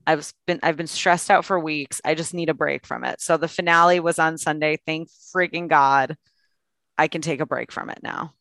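Lower-voiced young woman, teasing chat. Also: fairly even intonation, moderate pace, a bit bright, dry recording. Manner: teasing, chatty. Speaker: podcast co-host. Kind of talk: casual chat.

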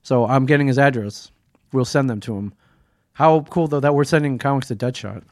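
A man of middle pitch co-hosting a casual podcast from a comic book store. He rambles and jokes easily. The recording is close and dry. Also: fairly quick, no echo. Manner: chatty, joking, rambling. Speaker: podcast co-host.

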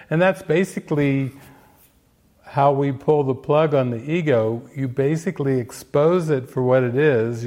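Slow, halting older male spiritual teacher. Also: mid-range voice, darkish tone. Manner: unhurried, halting, many fillers and restarts. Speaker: spiritual teacher giving movie commentary. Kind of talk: reflective spiritual talk.

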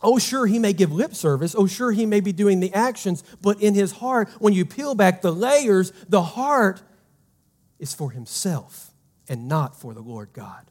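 Emphatic preacher with a higher voice. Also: male voice, lively intonation, measured pace. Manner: emphatic, swinging from loud to hushed; conversational, asks the congregation questions. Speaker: pastor. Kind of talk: sermon.

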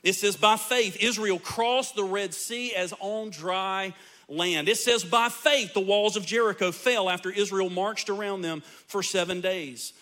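This pastor's sermon comes a little slowly, his high voice ringing bright. Addressing his congregation, he builds each point with mounting intensity.

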